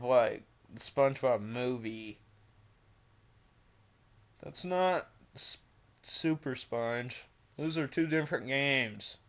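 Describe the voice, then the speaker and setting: A young man reading a creepypasta aloud, breaking off into rambling, mocking asides full of fillers. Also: mid-range voice. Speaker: creepypasta reader.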